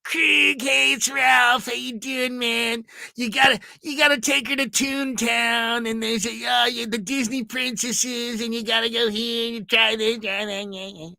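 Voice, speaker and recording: Eager, high-voiced chatterbox radio host, done by a man. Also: flat delivery, a little slow, creaky, bright, forceful tone, no room sound, exaggerated voice. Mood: rambling. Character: excitable male radio host rambling advice.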